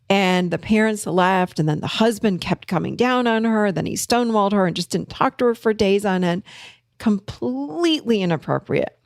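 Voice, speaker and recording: A woman's voice: on the low side, brisk, vocal fry, dry recording, studio quality. A woman therapist talking casually to her audience, telling a client story and acting out the people in it. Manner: storytelling, animated when quoting others. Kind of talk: casual talk.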